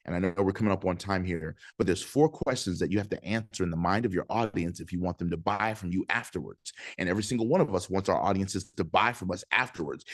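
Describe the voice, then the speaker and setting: A man with a lowish voice coaches speakers over a video call, punchy and energetic. He keeps checking in with his listeners and pulls them into call and response. The sound is dry and close, with no room around it. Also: dry recording. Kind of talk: motivational teaching talk on a video call.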